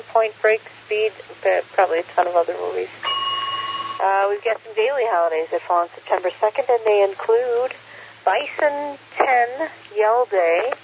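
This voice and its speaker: A man's voice: high voice, normal speed, gravelly. A man running a ham radio net, casually reading out the day's holidays with jokes and frequent fillers. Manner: relaxed, joking, frequent uh fillers. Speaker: net control operator on amateur radio. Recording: lo-fi radio audio with faint hiss.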